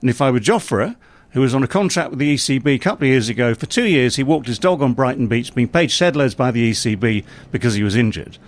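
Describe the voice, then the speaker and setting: A man's voice: mid-range voice, fast talker. A man in his sixties, a former England cricket captain, reminiscing in a casual outdoor radio interview with plenty of fillers. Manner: relaxed and reminiscing, with many fillers.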